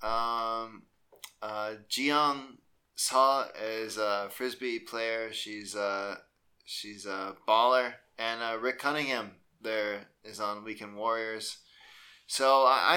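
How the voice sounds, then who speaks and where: Bright-voiced laid-back man co-host. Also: on the low side, fairly even intonation, slow pace. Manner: laid-back, chuckling, loose fillers. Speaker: podcast co-host. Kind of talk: casual sports chat. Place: small room.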